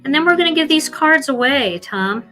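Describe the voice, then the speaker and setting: A woman's voice: high-pitched, animated, moderate pace, pushed and bright, faint music behind. A woman with a Philadelphia accent hosting a live card-making demonstration, chatty and self-deprecating as she colors. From Philadelphia, USA.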